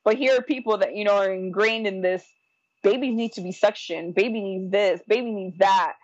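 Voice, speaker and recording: A young adult woman telling a personal story in casual, animated talk, acting out the people she quotes. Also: mid-range voice, moderate pace, no echo, lo-fi sound. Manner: animated, acts out quoted voices, frequent "like". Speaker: guest telling her birth story.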